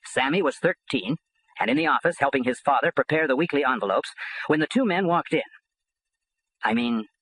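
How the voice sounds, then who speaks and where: A man's voice: fairly high pitch, lively intonation, fast talker, fairly bright tone, breathy edge, no echo, poor audio. A man reading an audiobook in first person, with a blunt, streetwise delivery. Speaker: audiobook narrator.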